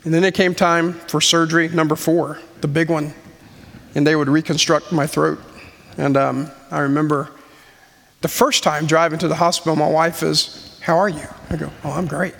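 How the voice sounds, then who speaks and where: Man, 40s, earnest testimony speaker, measured pauses, fry in the voice. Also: fairly high pitch, little pitch movement, a bit bright. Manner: earnest, slow storytelling with pauses. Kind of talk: sermon-style personal testimony. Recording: long hall reverb.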